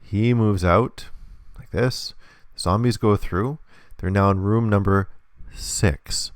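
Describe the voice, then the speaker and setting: A man's voice: fairly low pitch, takes it slowly, no echo, studio quality. A man teaching a hands-on lesson, explaining patiently step by step. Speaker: instructor.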